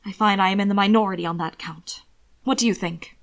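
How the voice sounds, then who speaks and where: A woman voicing a chatty noblewoman and mother who coaxes and gossips eagerly in a lively way. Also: mid-range voice, fast, close to an everyday voice. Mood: coaxing, gossipy.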